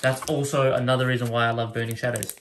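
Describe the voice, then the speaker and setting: A man casually opens card packs, reading each card's name aloud one by one and getting excited over the rare pulls. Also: mid-range voice, fast talker, background noise. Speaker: card collector opening packs. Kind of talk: casual pack-opening commentary. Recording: card and wrapper rustling behind voice.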